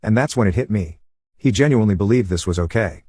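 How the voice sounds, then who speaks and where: A man narrating a first-person story in an even, steady voice over gameplay. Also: on the low side, quick pace, slightly rough, dry recording, clean studio sound.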